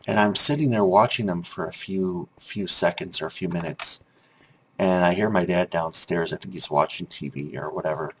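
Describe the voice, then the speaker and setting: A man's voice: low-pitched, normal speed, a little hiss or hum. A grown man telling a rambling story over gameplay commentary, with frequent restarts and filler words. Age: adult.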